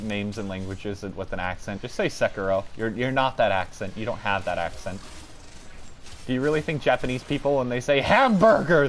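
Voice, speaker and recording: A man's voice: mid-range voice, a little hiss or hum. A young man chatting casually and swearing while gaming, joking and ranting between plays, into a headset mic. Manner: profane, ranting, jokey. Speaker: gamer.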